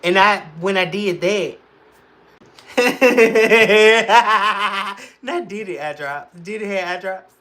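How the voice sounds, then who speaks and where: A woman's voice: medium pitch, drawn-out words, fairly bright tone. A woman hosting a casual makeup livestream, chatting with viewers, answering their comments and laughing often.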